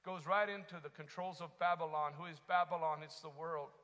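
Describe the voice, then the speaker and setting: A man preaching a sermon as pastor, moving from quiet teaching into impassioned shouting. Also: fairly high pitch, steady tone, a little fast, long reverb tail.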